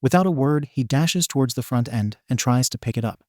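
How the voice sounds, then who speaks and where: A man's voice: medium pitch, animated, brisk, few pauses, darkish tone, dry recording, studio quality. A man reading a comedic fan story aloud in a wry, tongue-in-cheek narrating voice.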